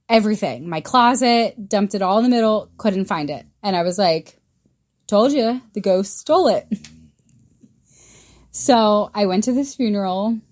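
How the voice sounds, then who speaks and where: A woman guest on a podcast, casually telling personal stories, laughing and swearing as she goes. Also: mid-range voice. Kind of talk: casual storytelling.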